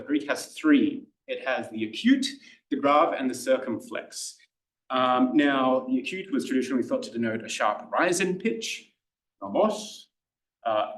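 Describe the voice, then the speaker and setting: Casting: Australian male tutor, middle pitch, chatty and halting, recorded from across an echoey room. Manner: chatty, hesitant, many fillers and restarts. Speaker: Greek tutor giving a lecture. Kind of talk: informal lecture. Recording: roomy lecture room, mic at a distance.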